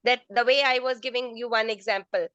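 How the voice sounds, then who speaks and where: A woman's voice: fairly high pitch, fairly even intonation, fairly quick, a bit bright, clean tone, dry recording, highs cut off. A woman answering teachers' questions in an online training session, explaining step by step and often restarting her phrases. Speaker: resource person, teacher trainer. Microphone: video call.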